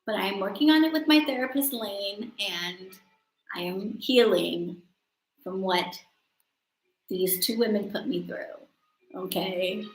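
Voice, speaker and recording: A woman in her thirties hosting a casual live stream, chatting and joking and quick to laugh at herself. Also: mid-range voice. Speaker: host of a live witchcraft coaching stream. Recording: roomy echo.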